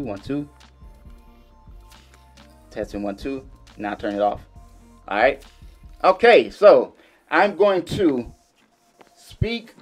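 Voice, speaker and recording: A man casually demonstrating and reviewing a small audio mixer for his viewers, chatty and relaxed. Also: mid-range voice. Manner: laid-back, chatty, addresses viewers as y'all and man. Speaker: gear reviewer. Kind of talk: casual product demo vlog.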